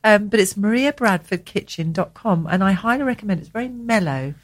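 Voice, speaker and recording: Lively opinionated English co-host woman. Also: mid-range voice, a little fast. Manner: animated, opinionated, laughs often. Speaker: radio co-host. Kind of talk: casual radio banter. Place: radio studio.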